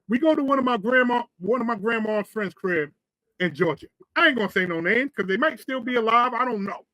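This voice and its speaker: New guy, high voice, cussing thru a rambly story, dry close sound. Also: no echo, poor audio. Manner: profane, rambling, animated storyteller. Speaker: podcast co-host. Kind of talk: casual storytelling.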